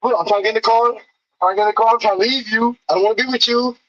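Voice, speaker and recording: A man's voice: high voice, steady tone, rapid-fire, lo-fi sound. A man in a casual video clip, teasing and rambling and repeating phrases.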